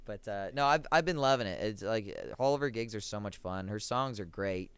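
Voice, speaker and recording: A man's voice: lowish voice, a little fast, fairly bright tone, clear, resonant tone, dry recording. A young man, a podcast guest and musician, chatting casually and acting out quoted voices as he tells a story.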